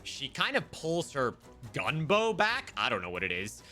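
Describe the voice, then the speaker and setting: Bright-voiced male game master. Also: a little high, moderate pace, faint music behind. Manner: relaxed, rambling with fillers. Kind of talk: narrating a tabletop game.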